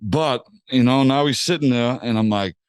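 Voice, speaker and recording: A young man from Massachusetts, a music producer telling a story in a casual podcast chat, animated and slangy, swearing casually. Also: mid-range voice, normal speed, smooth, no room sound. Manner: animated, slangy, swears casually, acts out other people's lines.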